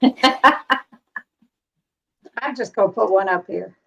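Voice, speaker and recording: A woman from the American Midwest hosting a casual live stream chat, talking in quick asides and laughing often. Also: medium pitch, vocal fry, a bit bright. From Cincinnati, USA.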